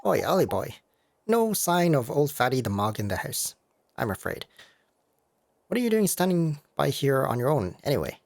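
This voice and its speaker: A man's voice: medium pitch, sing-song, normal speed, creaky. A man voicing a cheeky, bossy male fairy sidekick who talks in brash slang, reading game dialogue.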